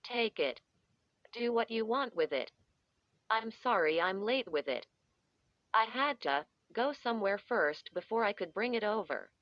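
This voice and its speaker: A woman voicing a numb, frightened young woman who talks flatly, like a robot. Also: fairly high pitch, a little slow, no room sound, dull audio. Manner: flat, robotic.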